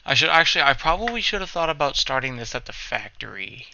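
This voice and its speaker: A man's voice: mid-range voice, very animated, fast, creaky, pushed and bright, highs cut off. A man hosting a let's play, giving casual, rambling gameplay commentary, often correcting himself and humming little sound effects.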